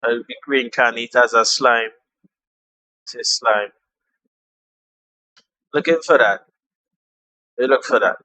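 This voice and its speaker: A man's voice: mid-range voice, takes it slowly, pauses often, sharp tone, no room sound, low-quality recording. A young man walking viewers through a phone app in a casual, chatty tutorial, repeating steps and trailing off with fillers. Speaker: tutorial host.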